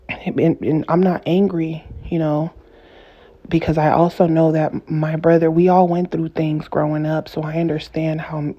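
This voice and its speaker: Here a woman vlogger with a deep voice chats to camera, earnest and informal, saying things again in different ways to stress them. The highs in the audio are cut off.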